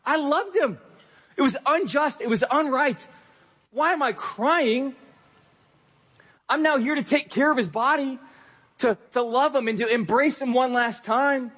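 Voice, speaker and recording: A preacher voicing a grieving young woman at a tomb, asking anguished, pleading questions in a husky voice. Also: very high voice, unhurried, long pauses, fairly bright tone, in a large hall, pitched above the performer's own voice, exaggerated voice.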